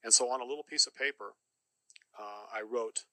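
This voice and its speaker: A man's voice: mid-range voice, normal speed, bright, forceful tone, no echo, low-quality recording. A middle-aged man giving an earnest, emphatic personal testimony as a podcast guest, often repeating phrases for weight.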